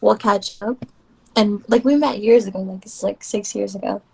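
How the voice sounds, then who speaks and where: A woman's voice: medium pitch, steady tone, moderate pace, creaky, husky, low-quality recording. A young woman guesting on a casual podcast, laid-back and giggly, trailing off with fillers.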